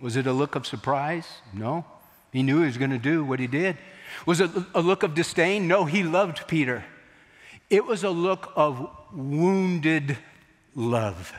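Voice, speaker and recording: A man's voice: a little high, unhurried, big-room sound. A man preaching a sermon as a pastor, telling the story dramatically and acting out the quotes.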